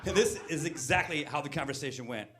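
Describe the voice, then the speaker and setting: A man's voice: a little high, quick pace. A middle-aged man performing stand-up comedy in a brewery, telling stories and acting out the characters in them. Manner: animated storytelling, acting out characters in quoted voices. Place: brewery venue before a live audience.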